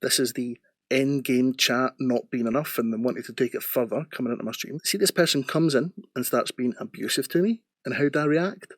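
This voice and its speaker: A man's voice: mid-range voice, brisk, dry recording. Defensive man, dry sound. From Scotland. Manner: defensive, justifying himself. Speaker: streamer in a response video. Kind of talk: defensive explanation.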